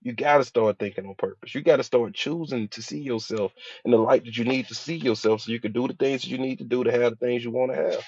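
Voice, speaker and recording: Husky and darkish, his medium-pitched voice moves fast as he gives a motivational speech. The hypnotherapist, an adult with a school-age child, leans on emphatic repetition, rhetorical questions, and casual slang, captured in a dull, dry lo-fi recording.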